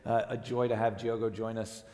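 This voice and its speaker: Hoarse man preaching in a reverberant church. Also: fairly low pitch, flat delivery, a little mellow. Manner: halting, many restarts and fillers, earnest. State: hoarse, strained voice. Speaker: lead pastor. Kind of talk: sermon. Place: church sanctuary. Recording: long hall reverb.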